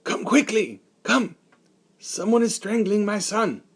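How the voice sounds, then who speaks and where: A man's voice: high-pitched, expressive, takes it slowly, slightly rough, voice pushed up, heavily acted. A man voicing a desperate father who calls out with urgent strain and then urges a friend not to give up. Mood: frantic. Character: frantic father of a teenage son.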